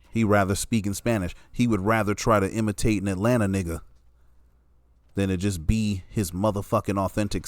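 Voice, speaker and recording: Blunt, profane man with a deep voice. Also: dry recording. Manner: blunt, heavily profane, emphatic; peppers speech with "you know what I'm saying". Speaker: commentator. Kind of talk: opinionated commentary monologue.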